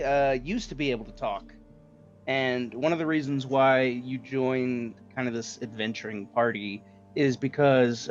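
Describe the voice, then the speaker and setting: A man's voice: medium pitch, lo-fi sound. A man running a tabletop game as dungeon master, narrating loosely with lots of fillers and laughter.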